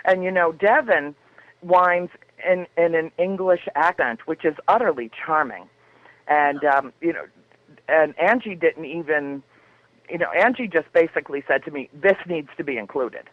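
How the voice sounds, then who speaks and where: An effusive woman guest chats and tells stories, laughing often. Her voice is fairly low for a woman. It comes through dull, lo-fi audio. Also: moderate pace. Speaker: guest author. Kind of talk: casual chat.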